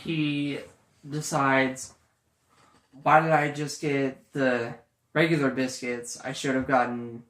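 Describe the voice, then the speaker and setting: A man continuing a comic story slowly and hesitantly. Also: mid-range voice, level tone, a bit bright, echoey room. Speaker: guest storyteller.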